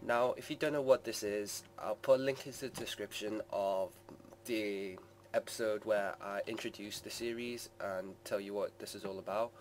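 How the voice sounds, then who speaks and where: Male gaming host, lowish voice, loose rambling live commentary, faint background hum. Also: fairly even intonation, normal speed. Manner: rambling, hedging with many "sort of" and "like".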